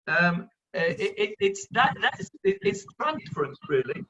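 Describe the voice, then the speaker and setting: A man teaching a Bible class as a rabbi, explaining the text in lively fashion and acting out what the characters say. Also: high voice, unhurried, few pauses, dull audio. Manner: lively, acts out voices of the characters, interrupts the reader.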